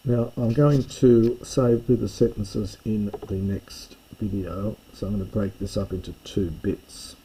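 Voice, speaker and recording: A man's voice: on the low side, fairly even intonation, unhurried, hardly any pauses, mellow, a little hiss or hum, rough recording. A man teaching a recorded language lesson, explaining forms step by step in a methodical way. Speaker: Greek teacher. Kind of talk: recorded lecture.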